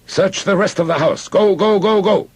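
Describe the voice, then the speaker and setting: A man reading an audiobook, voicing a harsh military officer who shouts orders. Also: high voice, normal speed, slightly rough, no echo, voice pushed up. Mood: barking.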